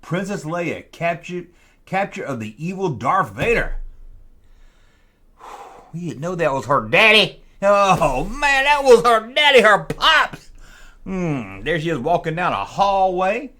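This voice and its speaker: A middle-aged man rambling excitedly to himself while he flips through an old magazine and reads bits aloud. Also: sits high, slow. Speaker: collector flipping through a vintage magazine. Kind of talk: casual unscripted commentary.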